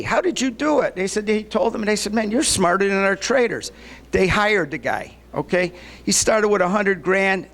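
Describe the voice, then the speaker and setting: A man's voice: sits high, a bit bright. A man, organizer of a meetup group, telling a story to the room in a loose way and often checking in with the audience.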